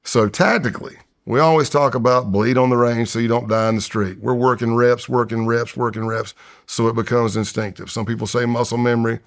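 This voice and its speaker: A man's voice: mid-range voice, steady tone, a little fast. A man in his fifties, a retired undercover agent, telling a tense story in an interview and acting out his own past voice and whispers. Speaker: retired FBI undercover agent, podcast guest. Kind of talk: storytelling in a long-form interview.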